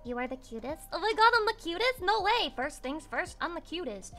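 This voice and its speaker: Casting note: a young woman streamer with a high, sharp voice, crude and playful, rambling to chat over faint music. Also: big pitch swings, brisk. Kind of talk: casual livestream chat.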